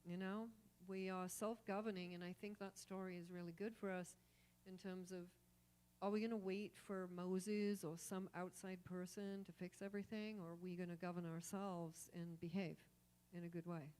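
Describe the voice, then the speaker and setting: A woman's voice: fairly low pitch, level tone, moderate pace, darkish tone. Earnest woman sharing a reflection. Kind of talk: sharing spiritual reflections at a gathering.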